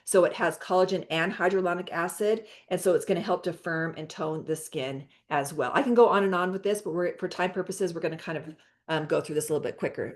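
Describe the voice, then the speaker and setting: An American woman with a somewhat low voice pitches skincare products on a video call. She talks eagerly and loosely, stumbling and restarting as she goes. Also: darkish tone. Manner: chatty, many fillers and restarts. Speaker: host of a product presentation call.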